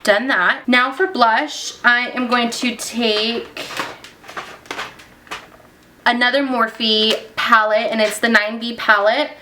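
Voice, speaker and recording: A woman's voice: fairly high pitch, slow, long pauses, slight background noise. A young woman narrating a casual makeup tutorial, chatty and gushing over the products she uses. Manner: gushing, breaks into excited squeals. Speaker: beauty vlogger.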